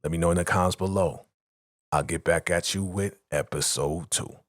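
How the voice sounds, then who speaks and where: A man with a lowish voice retells an episode in a casual recap, jumping into quick acted-out lines for each character. The recording is dry and close, with no room sound. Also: fairly even intonation, no room sound. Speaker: show recap host.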